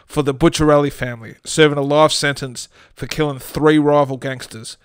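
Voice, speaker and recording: A man's voice: fairly high pitch, fairly even intonation, moderate pace, clear, resonant tone, no echo, clean studio sound. A man with an Australian accent reading his own comic short story aloud on a storytelling podcast, often breaking into laughter. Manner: reads with frequent laughter breaking through.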